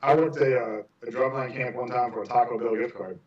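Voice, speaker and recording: A man's voice: medium pitch, fairly quick. A man who teaches percussion, chatting casually on a podcast in a rambling way with lots of fillers. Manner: rambling, many "you know" fillers. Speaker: percussion instructor. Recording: echoey, distant, dull sound.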